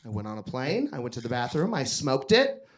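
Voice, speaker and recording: A man performing a crude stand-up comedy set on a club stage, yelling his punchlines and telling stories. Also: medium pitch, wildly swooping pitch, a little fast. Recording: noisy live club recording.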